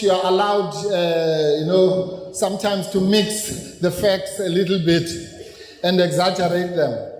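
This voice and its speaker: A South African man giving a political lecture at a rally, rousing and then deliberate as he explains, slipping into Zulu phrases. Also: sits high, a little mellow. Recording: echoey hall with long reverb.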